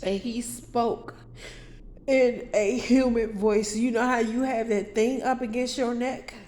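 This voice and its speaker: A woman's voice: fairly high pitch, steady tone, slow, dark tone. A woman vlogging in a rambling, profane confessional monologue that turns to preaching, with sudden outbursts and stumbling restarts.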